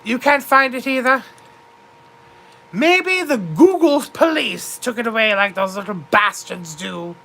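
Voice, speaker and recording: A gushing, boozy duchess, as a woman puts her on, with a put-on British accent and a high, sparkling voice. She speaks slowly and grandly and calls everyone darling as she reads the chat of a comedic livestream. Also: expressive, pushed and bright, full character voice. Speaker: livestream host in character.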